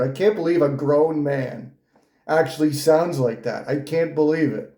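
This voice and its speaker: A man's voice: a little high, unhurried, dark tone, roomy sound. A man giving mocking reaction commentary, sneering and ridiculing someone as he talks. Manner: sneering, ridiculing, with frequent laughs.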